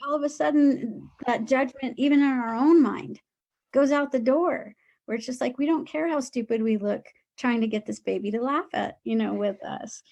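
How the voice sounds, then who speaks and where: A woman's voice: fairly high pitch, creaky, mellow, dull audio. A woman talking earnestly and reflectively as an interview guest, with loose, rambling phrasing and many fillers. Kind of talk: reflective spiritual conversation.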